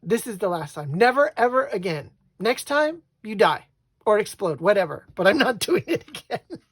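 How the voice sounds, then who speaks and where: A woman's voice: medium pitch, fast talker, a little mellow, slightly rough, no room sound, clean studio sound. A woman retelling her husband's words in a story, quoting him as an embarrassed, apologetic man. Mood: sheepish. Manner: sheepish, apologetic. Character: embarrassed middle-aged husband, flustered.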